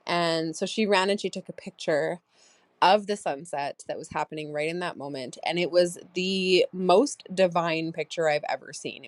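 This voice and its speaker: A woman's voice: lowish voice, no room sound. A woman in her thirties hosting a personal diary podcast, reflective and rambling with many fillers. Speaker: podcast host.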